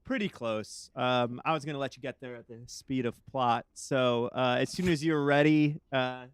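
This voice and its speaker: A man running a tabletop game in a calm, unhurried way, often pausing on a filler before going on. His voice sits in an everyday middle range and sounds dry and close to the mic. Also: medium pitch, clear, resonant tone, no room sound. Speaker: game master.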